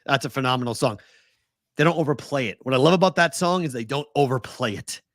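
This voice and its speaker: A man's voice: mid-range voice, expressive, quick pace, a bit bright, dry recording, studio quality. A man with a Boston accent, hosting a casual sports betting talk show and ranting animatedly, swearing freely. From Boston area.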